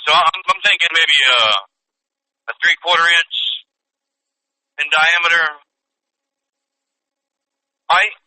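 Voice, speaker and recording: A American man with a very bright, forceful voice, bantering and joking in a playful, mock-serious way. He sits fairly high in pitch, and the sound is dry and close. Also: fairly even intonation, takes it slowly, pauses often, dry recording, low-quality recording. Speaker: podcast co-host. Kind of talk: casual banter.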